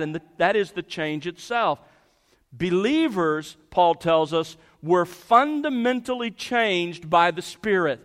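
A man's voice: high voice, a bit bright. A man preaching an expository sermon as pastor, emphatic and repeating key phrases for stress. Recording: long hall reverb.

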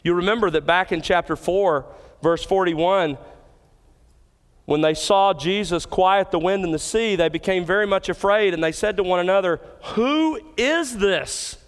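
A man's voice: high-pitched, fairly even intonation, moderate pace, clear, resonant tone. A man preaching an expository sermon as pastor, stressing key words with emphasis. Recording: hall with long reverb.

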